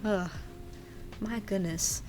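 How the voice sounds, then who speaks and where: A woman's voice: mid-range voice, takes it slowly. Young woman, chatty rambling voice-over, giggly, faint music behind. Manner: rambling, giggly, self-deprecating. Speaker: YouTuber narrating a game build.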